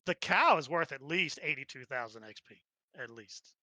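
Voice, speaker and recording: Bright animated woman running a D&D game. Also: rumbling low, moderate pace. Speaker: game master. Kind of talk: narrating a tabletop game.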